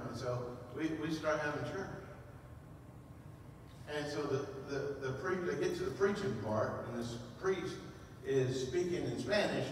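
A man's voice: on the high side, a little hiss or hum. A man preaching a sermon, telling a personal story in a conversational way with quoted dialogue. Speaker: pastor. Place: church sanctuary. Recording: echoey church hall, voice from a distance.

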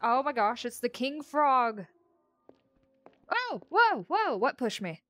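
A young woman playing horror games on her channel, gasping and reacting out loud as she goes. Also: a little high, a little slow. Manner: excitable, yelps and gasps. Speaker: gaming YouTuber.

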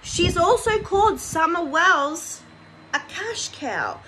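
A woman's voice: very high voice, big pitch swings, takes it slowly, sharp tone, a little hiss or hum, poor audio. A woman hosting a casual commentary vlog, rambling with many fillers and restarts. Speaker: commentary channel host.

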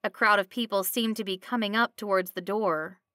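A woman narrating a fantasy storybook in an even, clear storytelling manner. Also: mid-range voice, a little fast, no room sound, clean studio sound.

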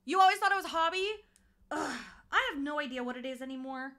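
A high-pitched woman with a bright, forceful voice hosts a casual livestream from home. She chats playfully and curses offhandedly. Between crochet steps she coos at her cat. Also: animated, fast talker. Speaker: streamer.

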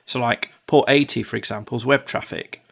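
A man's voice: mid-range voice, steady tone, a little fast, gravelly, a bit bright. A man from the UK teaching one-to-one in a casual, chatty way, often acting out devices in silly voices. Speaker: tutor.

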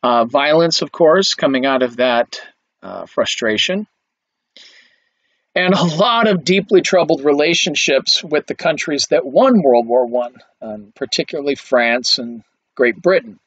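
A man's voice: mid-range voice, lively intonation, unhurried, a bit bright, slightly rough. A man giving a conversational film history lecture, with many fillers and restarts. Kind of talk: recorded lecture. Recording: dull lo-fi, dry recording.

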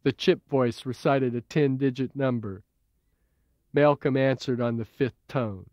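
Man reading a novel, measured and dry. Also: medium pitch, dry recording. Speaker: author reading his novel. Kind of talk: audiobook narration. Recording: dull old tape, dry.

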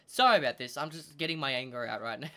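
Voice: mid-range voice, fairly quick. A gaming channel host, chatting through gameplay commentary and talking to the animals in the game. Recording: steady background noise.

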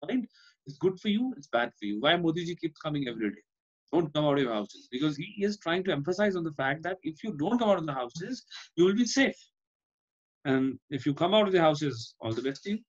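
A man's voice: fairly high pitch, big pitch swings, brisk, dull audio. A male teacher with an Indian English accent, giving an online class and explaining by repeating himself and asking "Fine?". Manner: explains by repetition, often asks "Fine?".

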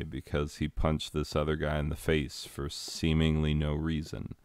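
A young American man with a low, deep voice rambles casually while gaming, breaking into laughs and goofy voices for quotes. The sound is dry and close, with no room echo. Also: little pitch movement, normal speed, few pauses, darkish tone, smooth. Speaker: high school teacher and gaming vlogger. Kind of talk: casual chat while playing a game.

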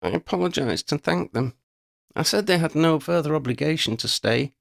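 A man reading the part of a young woman leading her companions in an audiobook, speaking softly and earnestly. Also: on the high side, normal speed, creaky, voice pushed up. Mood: reassuring. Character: Lydia, young woman leading the companions, commanding but shaken.

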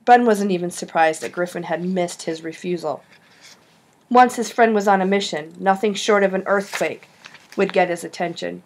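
A woman reading a children's novel aloud, with lively shifts in pitch on the dialogue. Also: moderate pace. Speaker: audiobook reader. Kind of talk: storybook narration.

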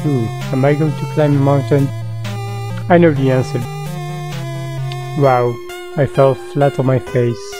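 Low-voiced woman rambling through a game. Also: steady tone, unhurried, pauses often. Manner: chatty, rambling, lots of fillers. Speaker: gaming youtuber. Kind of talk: casual game commentary. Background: game music.

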